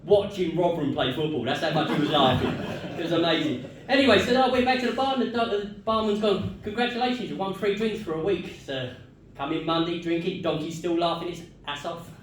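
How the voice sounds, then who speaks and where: A man doing a stand-up comedy set, telling jokes in a deadpan storytelling way and chuckling at his own punchlines. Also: fairly high pitch, brisk, slight background noise. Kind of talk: stand-up set with crowd work. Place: comedy club stage. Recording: echoey club room, mic far off.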